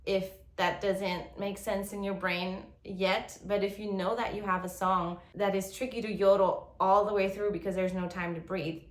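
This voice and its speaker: A woman's voice: mid-range voice, flat delivery, moderate pace, hardly any pauses. Woman giving a yodel lesson, friendly and patient, a bit of room echo. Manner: friendly, explains step by step and demonstrates. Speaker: yodeling teacher. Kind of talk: online singing lesson. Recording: roomy echo.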